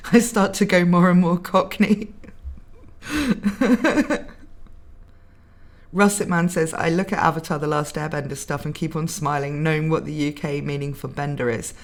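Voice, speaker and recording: With a low voice at a measured pace and frequent pauses, a young woman from England casually reads out live comments on her stream. Her accent is mildly posh, and she's chatty and giggly, often laughing between remarks.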